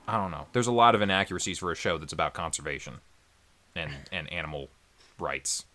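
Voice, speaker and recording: A man's voice: sits low, fast, sharp tone. A man co-hosting a casual anime review chat, rambling with many fillers and laughing often. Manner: rambling, laughs often, mimics characters in silly voices. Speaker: podcast co-host.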